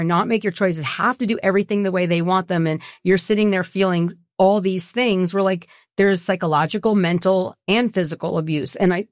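A woman's voice: lowish voice, dry recording, studio quality. A middle-aged woman talking as an interview guest, earnest and emotional, rambling with many restarts. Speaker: guest, co-founder of a women's support group. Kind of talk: conversational interview.

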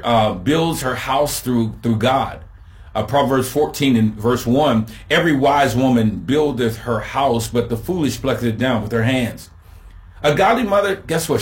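Male preacher, mid-pitched voice, sermon cadence built on repeated phrases and questions to the congregation. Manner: rhythmic repetition, swinging between soft and raised; addresses listeners directly with questions.

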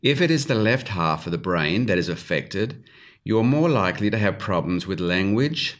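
A man with a very deep voice reads a magazine article aloud for a radio program. His delivery is steady and informative. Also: normal speed. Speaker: radio reader.

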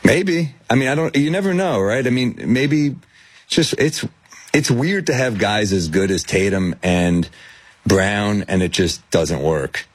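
A man co-hosting a casual sports talk show, talking bluntly and casually with quick reactions. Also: lowish voice, lively intonation, breathy edge.

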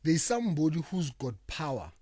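A man talking in a casual discussion, telling anecdotes in a measured way. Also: fairly high pitch, very animated, dark tone, slightly rough, no echo.

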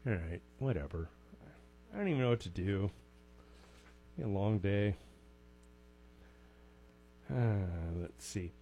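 A man's voice: on the low side, animated, takes it slowly, long pauses, warm tone, dull audio, soft background music. A man hosting a local call-in radio show, chatting casually and reading out event listings with wry asides.

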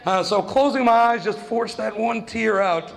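High pitched guy doing standup, swears a lot, roasts himself, echoey big room. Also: normal speed, gravelly. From New Mexico. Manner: profane, self-mocking, acts out voices. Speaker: stand-up comedian. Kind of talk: stand-up storytelling.

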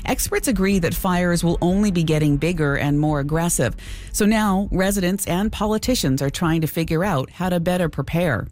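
A woman, a radio host, narrating a documentary in a measured scripted way. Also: fairly low pitch, a little mellow.

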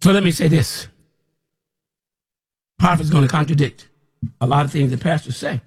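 Husky-voiced man preaching scoldingly. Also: fairly high pitch, moderate pace. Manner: scolding, repetitive, rising to near shouts. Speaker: self-described prophet. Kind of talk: preaching monologue.

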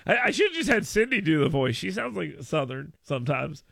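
Gravelly, bright-voiced male radio host. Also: on the high side, very animated, a little fast, dry recording, studio quality. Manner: exasperated, rambling, self-mocking. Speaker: radio talk show host. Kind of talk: casual talk radio monologue. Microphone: studio microphone.

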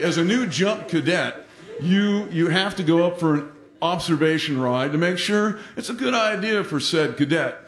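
A man telling a funny personal story on stage, animated and self-mocking, acting out the lines of the people in it. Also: a little high. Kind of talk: live comic storytelling. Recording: roomy hall with audience laughter.

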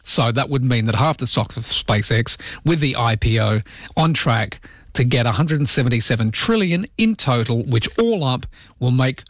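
A man's voice: medium pitch, expressive, normal speed, dry recording. A man hosts a radio talk show, chatting in a rambling, jokey way. His voice sits mid-range, and it is recorded dry and close on a studio mic. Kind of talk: casual radio chat.

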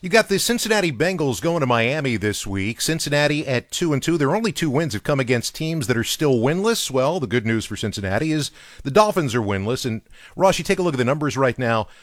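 Lively sports preview host, man. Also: medium pitch, dry recording. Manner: brisk, presenter-like. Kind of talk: scripted radio sports preview.

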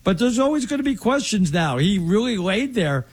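Husky man talking football. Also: high voice, very animated, normal speed. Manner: rambling, restarts often, emphatic opinions. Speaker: podcast co-host. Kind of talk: casual sports talk.

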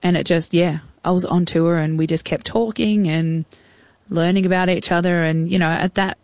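Creaky-voiced Australian woman telling her story. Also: fairly low pitch, steady tone, moderate pace, a little mellow, dry recording. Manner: candid, chatty, acts out past conversations. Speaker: interview guest. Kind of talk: personal storytelling.

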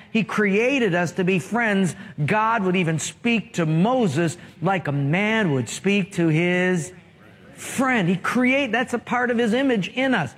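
A man's voice: high-pitched, fairly bright tone. A man preaching a sermon as pastor, telling stories and asking the congregation questions. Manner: storytelling, asks the congregation questions. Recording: long reverb of a large hall.

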